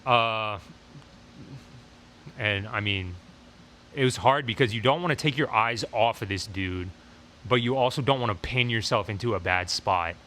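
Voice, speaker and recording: Animated young man telling a storytime. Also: on the low side, normal speed, pauses often. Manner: animated retelling with frequent fillers. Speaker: vlogger. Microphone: lapel mic on shirt.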